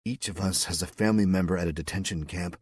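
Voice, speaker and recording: A man voicing a subdued worker who speaks quietly and grimly. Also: sits low, steady tone, quick pace, breathy edge, dry recording. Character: subdued working man under pressure.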